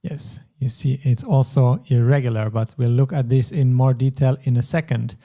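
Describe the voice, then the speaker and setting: A man's voice: mid-range voice, steady tone, normal speed, mellow. A man teaching a language lesson, explaining patiently step by step. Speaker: German teacher.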